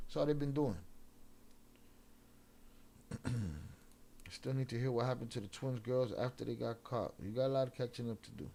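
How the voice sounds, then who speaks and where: Here the same kind of casual livestream rant plays out: a young man confronts his chat with profanity and Spanish slang. His slightly high, darkish voice moves a little fast, and there's a little hiss or hum.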